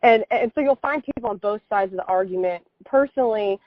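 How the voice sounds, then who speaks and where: Lively young woman on a dull mic. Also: medium pitch, dry recording. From United States. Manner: lively, laughing, quick talker. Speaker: podcast guest. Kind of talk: casual conversational chat.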